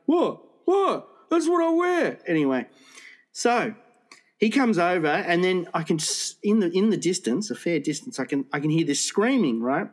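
A man's voice: fairly high pitch, expressive, normal speed. A middle-aged man telling a long comic story in casual chat, swearing freely.

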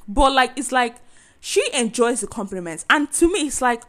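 A woman hosting a podcast, chatting casually in a loud, animated way. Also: on the high side, normal speed. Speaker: podcast host.

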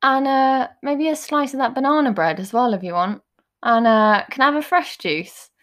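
A woman's voice: sits high, lively intonation, normal speed, fairly bright tone, pitched above the performer's own voice. A woman mimicking her pampered, gushing husband in a playful, mock-posh way. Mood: delighted. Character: contented husband lapping up being pampered. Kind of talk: comic impression in casual podcast chat.

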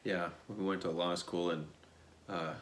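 A man's voice: sits low, steady tone, measured pace, a little hiss or hum. A man from Nebraska with a Midwestern American accent, co-hosting a podcast from a cabin with dry, laid-back humor, recorded through wireless earbuds. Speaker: podcast co-host. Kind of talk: casual podcast chat.

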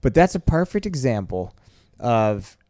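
A man's voice: mid-range voice, very animated, a little slow, mellow, dry recording, clean studio sound. A man co-hosting a casual podcast chat, blunt and wry. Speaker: podcast co-host.

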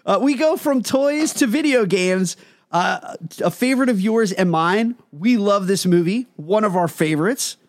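Upbeat male podcast co-host, high voice, dry close sound, laughs easily. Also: measured pace, no room sound. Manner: enthusiastic, laughs often. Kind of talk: casual chat.

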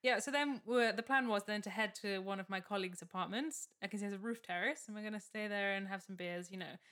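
A woman's voice: medium pitch, quick pace. A young woman, co-hosting a casual chat and telling a story with lots of laughs and acted-out quotes. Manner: animated, laughing storyteller who acts out quotes.

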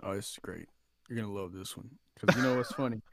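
A man co-hosting a casual podcast chat, relaxed and teasing, with some casual swearing. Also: lowish voice, quick pace, gravelly, no echo, studio quality. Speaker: podcast co-host.

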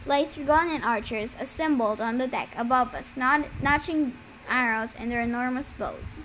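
A woman reading a novel aloud with steady storytelling narration. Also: high voice, moderate pace, a little hiss or hum. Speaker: reader.

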